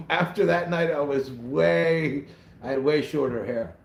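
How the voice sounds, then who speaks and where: A man's voice: fairly high pitch, slow, gravelly, very noisy. A man in his forties, a channel host, casually telling a story on a livestream, laughing as he goes and greeting viewers by name. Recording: roomy echo with loud guitar music.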